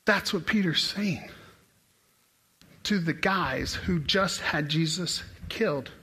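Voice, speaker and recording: A man delivers a casual sermon in a high, bright voice. He talks to the room like he's chatting, then climbs into loud, excited bursts to hammer a point home. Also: slow. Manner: animated, conversational preaching with sudden rises in pitch and volume. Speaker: pastor.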